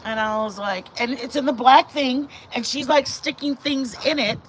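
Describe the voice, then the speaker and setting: A middle-aged woman vlogger telling a story to her viewers in a chatty, animated way that often turns to her faith. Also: sits high, moderate pace, a little hiss or hum. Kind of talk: casual storytelling to camera.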